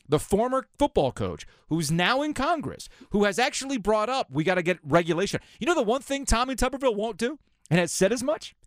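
A sports radio host rants with biting sarcasm, his pitch leaping and dropping as he makes his point. He sits a bit higher than most men and sounds close and dry in the studio. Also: no room sound. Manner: sarcastic, ranting, mocking voices of officials. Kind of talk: opinionated sports talk.

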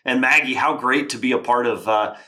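A man hosting a podcast in casual interview chat, enthusiastic and expressive, generous with compliments for his guest. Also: mid-range voice, a little fast. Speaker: podcast host.

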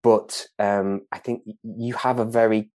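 Hesitant low-voiced Englishman chatting. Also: flat delivery, unhurried, dark tone, dry recording. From England. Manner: hesitant, many restarts and fillers, laughs often. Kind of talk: casual chat.

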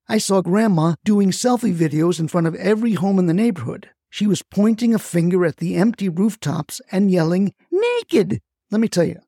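A man tells a scripted tale in a wry, folksy manner, his voice gravelly and mellow. He is recorded close and dry. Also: high voice, no room sound. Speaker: storyteller, the grandson. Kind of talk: scripted narration.

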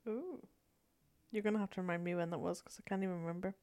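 A woman's voice: fairly low pitch, fast talker, darkish tone. A woman co-hosting a casual podcast, reading out listener questions and teasing her partner with frequent laughter. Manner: giggly, teasing. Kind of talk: casual unscripted chat.

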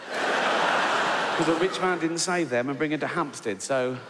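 A man's voice: on the high side, measured pace, pauses often, background noise. A man doing a stand-up comedy set, crude and sardonic, acting out little scenes as he goes. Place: large theater with live audience. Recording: long hall reverb with loud audience laughter.

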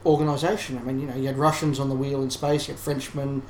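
A fast-talking podcast co-host with a mid-range, slightly mellow voice and little pitch movement offers thoughtful, analytical takes in a casual discussion, restarting often. There's roomy ambience and a faint hiss behind him.

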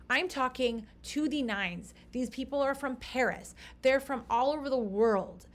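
A woman in her thirties hosting a podcast, telling a story in a lively, exasperated way and acting out the people she talked to. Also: high-pitched, a little slow, hardly any pauses. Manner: animated, reenacts conversations with rising exasperation. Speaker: podcast host.

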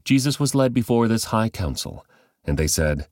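A man reading a Bible passage aloud as measured, scripted narration. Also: lowish voice, sing-song, a little mellow, dry recording, clean studio sound. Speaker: Bible reader.

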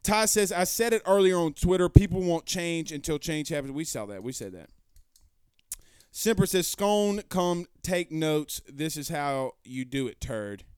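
A man hosting a sports talk stream, reading viewer comments aloud and answering them in a loud, passionate, blunt way with some swearing. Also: fairly high pitch, animated, measured pace, clear, resonant tone, no room sound, clean studio sound. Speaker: sports show host. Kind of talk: live-stream chat reading.

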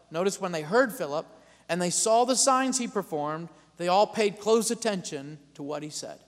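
A man preaching a sermon as pastor, calling out amens and building to loud declarations. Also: sits high, long reverb tail.

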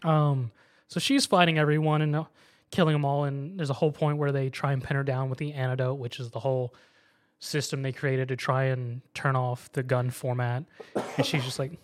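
A man's voice: mid-range voice, fairly quick. A man casually recapping an anime episode, acting out the characters' lines as he goes. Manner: animated storytelling, acts out characters' lines. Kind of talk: casual chat.

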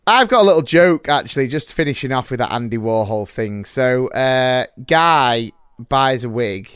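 A man co-hosting a casual banter podcast, excitable and jokey, who laughs at his own jokes. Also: medium pitch, moderate pace, clear, resonant tone, dry recording, studio quality. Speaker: podcast co-host.

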